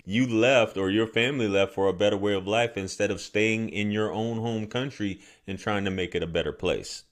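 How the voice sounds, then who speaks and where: Male commentator, lowish voice, conversational reaction talk. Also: moderate pace. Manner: conversational, explanatory.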